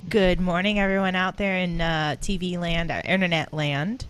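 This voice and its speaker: A woman's voice: fairly low pitch, steady tone, moderate pace, clear, resonant tone. A woman co-hosting a casual live chat show, playful and teasing. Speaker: co-host.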